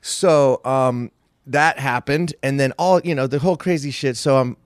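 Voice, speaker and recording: A man's voice: medium pitch, normal speed, clear, resonant tone, no echo, studio quality. A man in his fifties, a podcast guest telling rambling, profane stories in casual interview talk. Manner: profane, rambling, animated storyteller.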